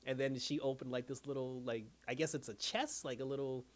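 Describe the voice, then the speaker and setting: A male episode reviewer with a mid-range voice talks fairly quickly through a cartoon episode recap. His retelling is casual, rambling and animated, packed with fillers and acted-out quotes.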